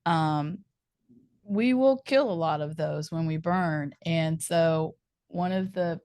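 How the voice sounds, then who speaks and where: A woman hosting a podcast, chatty and animated, laughing often as she talks. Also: deep voice, takes it slowly, no room sound, studio quality. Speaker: podcast host. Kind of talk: podcast interview.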